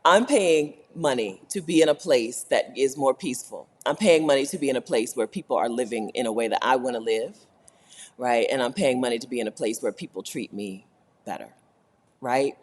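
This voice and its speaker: American woman, low-pitched, very lively delivery, casual laughing livestream chat, long room reverb. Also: normal speed. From United States. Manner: animated, laughing, repeats "right?". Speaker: vlogger.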